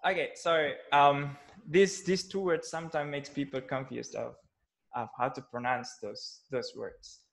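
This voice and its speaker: A man's voice: medium pitch, steady tone, a little slow, gravelly, a bit bright. A man teaching English pronunciation in an online class over a video call, patient and hesitant, with many fillers and restarts.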